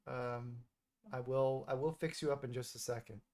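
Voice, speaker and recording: A man's voice: mid-range voice, steady tone, moderate pace, a little mellow. Playful teasing male streamer. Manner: playful, teasing, hesitant with many fillers. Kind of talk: casual gaming chat with an AI character.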